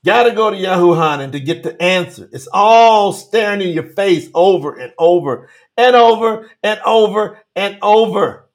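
A man preaching on a live stream, animated, calling out to viewers by name and reading scripture slowly for emphasis. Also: high-pitched. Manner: Southern-style 'y'all' address, drawn-out emphatic reading. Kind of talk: livestream sermon reading scripture.

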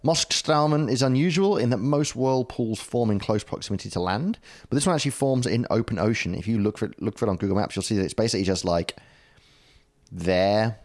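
Rambling jokey New Zealand man, fairly low. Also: a little fast, darkish tone. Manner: rambling, jokey, laughs often. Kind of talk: casual chat.

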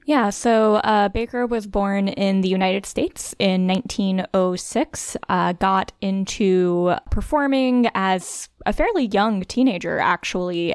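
A woman's voice: mid-range voice, smooth, no room sound, studio quality. A woman co-hosting a podcast, explaining things in a chatty way with plenty of "like" and "uh". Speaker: podcast co-host. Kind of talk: conversational podcast discussion.

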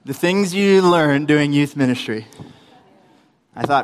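Young male preacher with a high voice, animated storyteller, long room echo. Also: slow pace. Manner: storytelling, animated, acts out quotes, humorous asides. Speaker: preacher, youth minister. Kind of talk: sermon.

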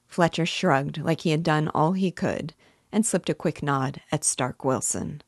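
A woman narrating a novel aloud in a steady, measured way. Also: sits low, breathy edge, no room sound, studio quality.

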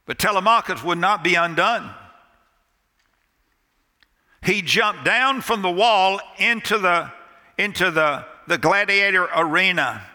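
Slow, bright-voiced pastor in a reverberant church. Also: male voice, sits high, expressive. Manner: dramatic storyteller with pauses and emphatic drops to near quiet. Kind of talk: sermon storytelling. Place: church sanctuary. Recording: long reverb of a church hall.

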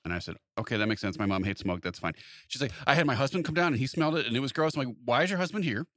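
Fast-talking man telling a story. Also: medium pitch, no room sound, clean studio sound. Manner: animated anecdote-telling, acts out quoted exchanges. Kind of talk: casual chat.

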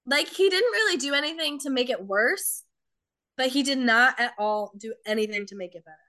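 Bright-voiced woman chiming in. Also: sits high, lively intonation, a little fast. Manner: agreeable, brief interjections. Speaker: podcast guest. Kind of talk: casual movie review chat.

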